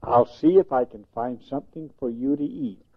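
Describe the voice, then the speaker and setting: An older man voicing a kind, gentle lady who takes in a stray kitty, in a soft coaxing manner. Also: mid-range voice, normal speed, slightly rough, lightly acted. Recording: tinny phone-like sound.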